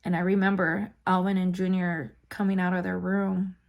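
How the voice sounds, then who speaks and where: A woman's voice: lowish voice, flat delivery, moderate pace, gravelly, a little mellow. A woman vlogger candidly recounting her own life story, with frequent fillers and blunt swearing. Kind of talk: personal storytelling.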